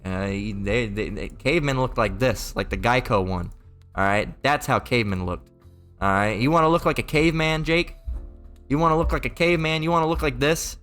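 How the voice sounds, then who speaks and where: A man's voice: mid-range voice, brisk, a bit bright, faint music behind. A man preaching in a profane, rambling rant, mocking and crude, with many repeats and stumbling restarts.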